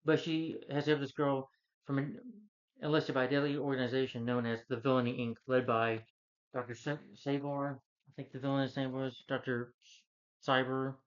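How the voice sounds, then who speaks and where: A man giving a casual spoken film review, rambling and repeating himself as he recaps the plot with frequent restarts. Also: mid-range voice. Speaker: movie reviewer. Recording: slightly dull, lo-fi recording.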